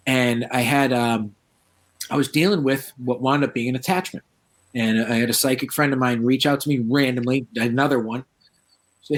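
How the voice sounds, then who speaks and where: A man's voice: mid-range voice, normal speed. A man, a paranormal researcher, telling stories in a casual interview and acting out the voices of the people he quotes. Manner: animated, acts out quoted voices.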